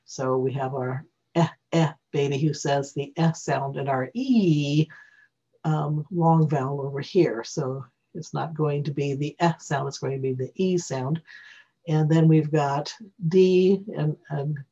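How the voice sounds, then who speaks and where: Recording their screen for a software tutorial, a teacher explains reading rules, often pausing to restart or fix a thought as they think aloud. Their warm voice is breathy and husky at a middling pitch, captured by a computer mic on a dull, lo-fi recording.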